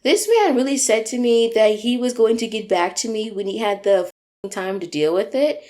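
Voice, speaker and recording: Animated woman venting a storytime. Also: fairly high pitch, moderate pace. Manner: animated, emphatic, profane venting. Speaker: vlogger. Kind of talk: storytime vlog.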